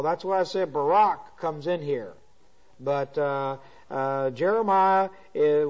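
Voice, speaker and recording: A man teaching a Bible study lecture, restating each point and pausing with frequent uhs. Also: a little high, darkish tone. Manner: repeats points, many filler uhs. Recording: dull lo-fi recording.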